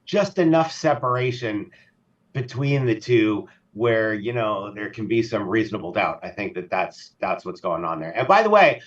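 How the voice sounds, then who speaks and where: A man's voice: on the low side, sing-song, moderate pace, far from the mic, dull audio. A man speaking as a guest on a podcast, talking casually and animatedly, acting out shoppers in little voices. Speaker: podcast guest, payments specialist.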